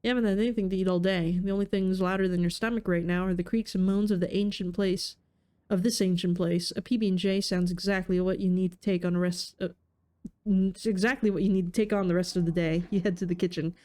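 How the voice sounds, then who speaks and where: Mellow-voiced woman reading a game aloud. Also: on the low side, fairly even intonation, quick pace. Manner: playful, laughs at her own reading. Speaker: let's player. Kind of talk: reading game text aloud with casual commentary.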